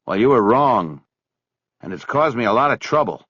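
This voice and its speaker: A man voicing a middle-aged man who talks in a curt, forceful way, close to his own low voice. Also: very animated, moderate pace, breathy edge, no echo, highs cut off, full character voice. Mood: angry. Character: angry, clipped middle-aged man holding back rage.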